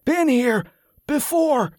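A man's voice: lively intonation, slow pace, sharp tone, no room sound, studio quality, heavily acted. A man doing a delirious wounded man crying out. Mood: frantic. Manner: high strained cries.

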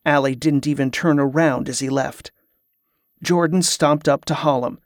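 A steady audiobook narrator reading a novel at a middle pitch. The delivery is even and plain. The recording is close and dry, with no room sound. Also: normal speed, dry recording. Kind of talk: scripted narration.

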